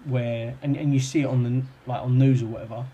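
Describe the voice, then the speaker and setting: A young man talks in an easy, rambling way, stacking fillers and restarting his sentences. His voice sits at an ordinary middle pitch. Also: steady tone, fairly quick, warm tone, dull audio, slight background noise. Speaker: football club kit man, podcast guest. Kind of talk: casual chat, storytelling.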